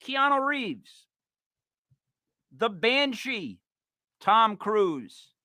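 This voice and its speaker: A man's voice: on the high side, bright, forceful tone, no echo, studio quality. A man hosting a podcast, talking in a casual, joking and emphatic way. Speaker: podcast host. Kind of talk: casual comedic chat.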